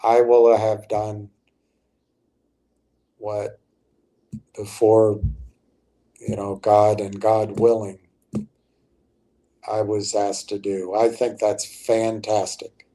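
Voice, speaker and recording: Slow, mellow-voiced older man rambling. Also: on the low side, little pitch movement. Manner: rambling, halting, restarts often, talks to chat viewers. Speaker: stock livestream host. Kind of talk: rambling livestream commentary.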